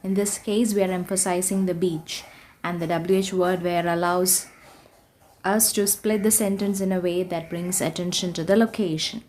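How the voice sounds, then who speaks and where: A woman's voice: fairly low pitch, steady tone, moderate pace, darkish tone, slight background noise. A woman teaching an online grammar class, explaining patiently and reading out example sentences.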